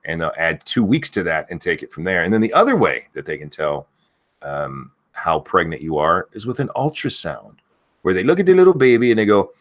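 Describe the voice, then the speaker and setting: A man hosting a live stream, chatting casually, swearing a lot, and yelling out viewers' names now and then. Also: deep voice, big pitch swings, brisk.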